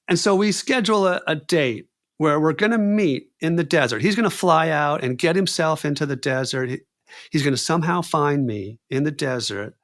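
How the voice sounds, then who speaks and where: A man on a podcast telling a story in a casual, animated way, acting out both sides of conversations and laughing readily. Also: medium pitch, fairly quick. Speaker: podcast guest.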